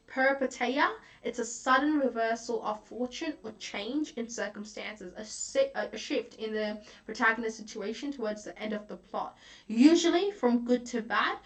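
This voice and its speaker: A woman's voice: fairly high pitch, fairly bright tone. Chatty woman tutor, slightly distant mic. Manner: chatty, frequent fillers and restarts. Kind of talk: recorded exam-prep lecture.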